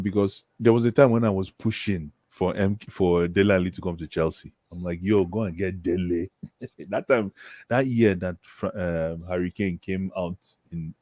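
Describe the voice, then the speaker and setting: A man co-hosting a casual football chat, excitable and emphatic, repeating his points. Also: low voice, no room sound. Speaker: podcast co-host.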